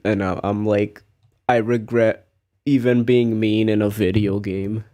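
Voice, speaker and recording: A man's voice: on the low side, flat delivery, measured pace, warm tone. Rambling young man streamer. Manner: rambling, laughs at himself while telling stories. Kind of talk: casual chat.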